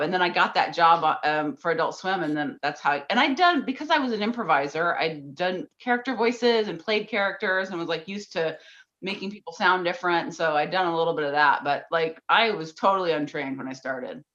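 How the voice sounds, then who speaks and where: Lively woman on a lo-fi call. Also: lowish voice, fairly quick. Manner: lively, filler-heavy, laughs easily. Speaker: podcast guest, voice actor. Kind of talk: casual chat. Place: at home in Atlanta over a call.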